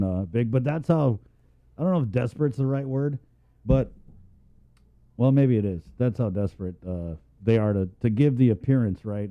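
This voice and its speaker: A man's voice: medium pitch, dull audio. Chatty male radio co-host, phone-thin sound. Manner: chatty, rambling, joking. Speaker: morning radio show co-host. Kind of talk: casual morning show banter.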